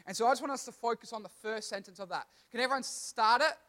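A man's voice: very high voice, fast, hardly any pauses, fairly bright tone. A young man giving a casual, chatty sermon to children, often asking the room questions and laughing at his own slips. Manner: chatty, self-deprecating, stumbles and restarts, asks the room questions. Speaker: youth pastor.

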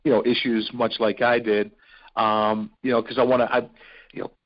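An earnest man from Ohio talks through his stories on a podcast, circling back with lots of fillers and restarts. His voice sits at an ordinary middle pitch. The audio is a touch dull and lo-fi. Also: little pitch movement, moderate pace. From Ohio, USA. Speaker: podcast guest. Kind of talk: storytelling in a podcast interview.

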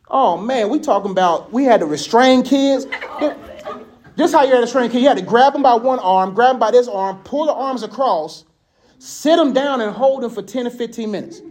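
Male preacher, casual storytelling sermon, animated and conversational, frequent laughter. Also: very high-pitched, a little fast. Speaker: speaker.

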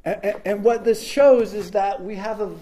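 A man's voice: high voice, normal speed. A man giving a casual reflective talk, telling stories and acting out quoted voices with animation. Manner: animated storytelling, acts out quotes.

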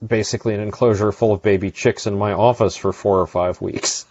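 A man's voice: on the low side, fairly even intonation, brisk, darkish tone, dry recording. A man hosting a podcast, chatting casually and rambling with lots of fillers and restarts. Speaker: podcast host. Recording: dry, dull lo-fi sound.

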